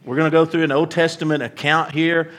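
A man's voice: on the high side, level tone, fairly quick, fairly bright tone. Earnest preacher man. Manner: earnest storytelling, rhetorical repeated questions, stumbling restarts. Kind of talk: sermon.

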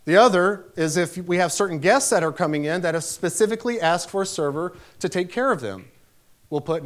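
Guy preaching, high voice, tells stories with lots of emphasis and gets loud. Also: expressive, a little fast. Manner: emphatic storytelling, rising to raised exclamations. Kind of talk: sermon.

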